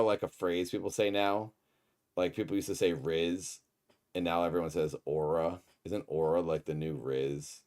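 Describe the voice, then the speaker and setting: Reacting to a show on a casual livestream, a man with a fairly low, somewhat mellow voice jokes around, rambles and reads out viewers' chat messages.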